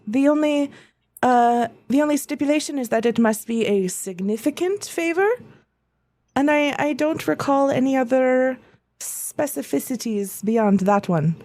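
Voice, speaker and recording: A woman voicing an evasive, gracious woman of uncertain age who talks in a measured, hesitant, polite way. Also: high-pitched, a little mellow. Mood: vague, polite.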